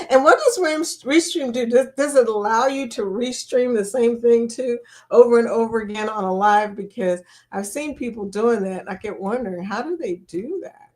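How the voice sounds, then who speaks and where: A woman's voice: on the high side, moderate pace, a little mellow. An older woman hosting a live chat stream, reading out viewer comments in a chatty, teasing way and laughing often.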